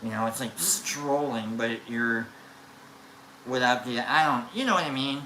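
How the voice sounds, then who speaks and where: Low-voiced woman telling a rambling story. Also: a little slow, slight background noise. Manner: rambling, animated, many restarts and fillers. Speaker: live streamer. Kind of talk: casual storytelling on a livestream. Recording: echoey room.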